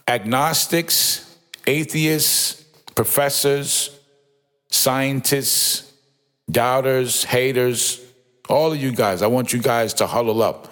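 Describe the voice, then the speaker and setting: A man's voice: medium pitch, steady tone, drawn-out words, pauses often, fairly bright tone. A man giving an informal, emphatic Bible commentary, often repeating himself and exclaiming in awe. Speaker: Bible teacher.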